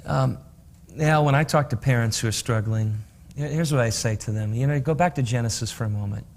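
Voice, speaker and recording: A man's voice: mid-range voice, fairly quick, a little hiss or hum. A man on a talk show giving earnest, encouraging advice to parents in a preachy way. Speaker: co-host, counselor.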